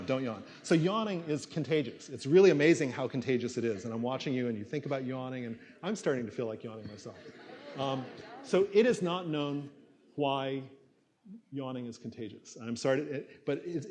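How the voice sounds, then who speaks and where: A man's voice: mid-range voice, darkish tone. A man, a neuroscience professor, answering audience questions at a university assembly in a conversational way, thinking aloud with frequent fillers. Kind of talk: lecture Q&A answers.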